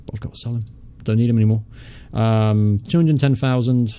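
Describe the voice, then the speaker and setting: Young male let's-play host, low-ish mellow tone, chatty, mutters and swears offhand. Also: fairly even intonation, a little fast, clean tone. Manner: chatty, thinks aloud, mutters and swears casually. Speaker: gaming channel host. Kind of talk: casual let's-play commentary.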